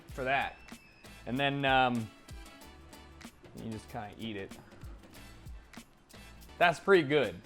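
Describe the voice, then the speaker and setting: A young man streaming himself cooking, chatting casually in a joking, profane, rambling way with sudden loud outbursts. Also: on the high side. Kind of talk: casual live-stream chat while cooking.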